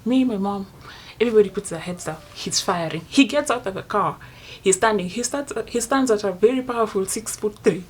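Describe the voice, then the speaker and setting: A young woman with a Kenyan accent tells a story to her vlog viewers, swinging between loud outbursts and hushed asides. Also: medium pitch, animated, brisk, slight background noise. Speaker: vlogger. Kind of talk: casual storytime monologue.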